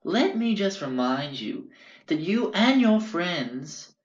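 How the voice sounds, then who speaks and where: A fussy, genteel old man, as a man puts him on, speaking in a higher, measured voice with a mild scolding tone. The sound is roomy and somewhat dull. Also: sing-song, heavily acted. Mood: admonishing. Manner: measured, gently admonishing. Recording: roomy, slightly dull recording.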